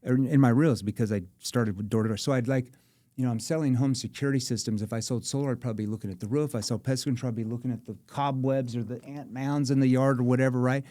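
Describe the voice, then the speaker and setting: Man, sales trainer type, lively and demonstrative, mid pitch, dry close-miked sound. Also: quick pace, no room sound. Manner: demonstrative, acts out tones of voice. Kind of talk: animated instructional chat.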